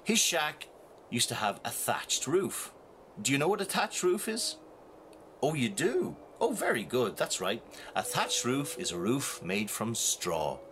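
Lively Northern Irish storyteller man. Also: mid-range voice, measured pace, a little hiss or hum. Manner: animated, playful, talks to the audience. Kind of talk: storytelling to children.

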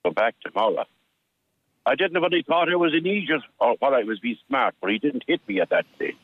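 A man's voice: a little high, very animated, creaky, dry recording. Irish man telling a story over a tinny phone line. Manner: halting storyteller with many restarts, acting out dialogue. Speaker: caller.

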